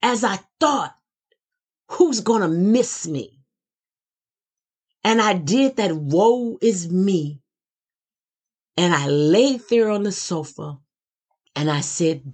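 Her voice lowish, expressive, a little mellow, and breathy-edged, a middle-aged woman minister delivers a personal testimony. She goes slowly and dramatically, using repetition to build emphasis.

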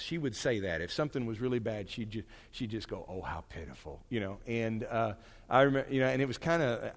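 A man teaching in a chatty, animated way. His pitch swings widely as he drifts into asides and restarts his sentences. His voice rings with the long reverb of a big hall. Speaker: Bible teacher. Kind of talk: conversational church teaching.

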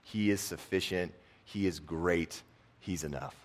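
A young man giving a casual, conversational sermon, dropping his voice soft on key lines. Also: low voice, unhurried. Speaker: preacher and football coach.

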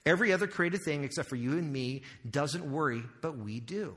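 A man's voice: a little high, lively intonation, brisk, a bit bright. A male pastor preaching a sermon in a conversational way, asking the audience questions and making joking asides. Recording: long hall reverb.

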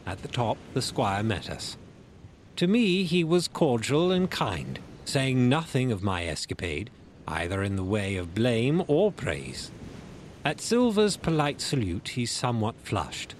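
A man reads a storybook aloud at an unhurried pace, his pitch rising and falling with lively expression. A faint low rumble sits under the voice. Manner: measured, expressive reading. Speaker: audiobook narrator. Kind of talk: storybook reading.

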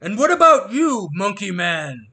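A man's voice: high voice, big pitch swings, sharp tone, voice pushed up, full character voice. A man playing a weary old minotaur king. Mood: amused. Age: 30s. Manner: slow, sighing, creaky old-man delivery.

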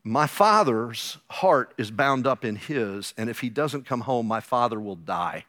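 Brief: a grave, earnest brother, as a preacher plays him, low and deliberate. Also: male voice, lively intonation, a bit bright. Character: earnest brother offering his life.

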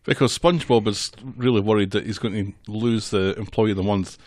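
A man's voice: fairly low pitch, a little fast, a little mellow, no room sound, studio quality. A man co-hosting a casual podcast, wry and teasing, recapping a cartoon. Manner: wry, teasing, laughs often. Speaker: podcast co-host. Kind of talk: casual chat.

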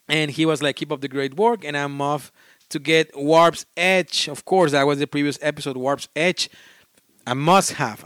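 A man's voice: a little high, no room sound, clean studio sound. A man hosting a casual solo board game podcast, talking in an enthusiastic, rambling way and often restarting and apologizing for his pronunciation.

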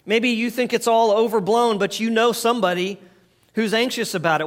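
A man's voice: sits high, fairly even intonation, a little fast. A middle-aged man preaching a sermon in a conversational way, leading his listeners to repeat phrases back to him. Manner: conversational preaching, leads the audience in call-and-response. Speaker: pastor.

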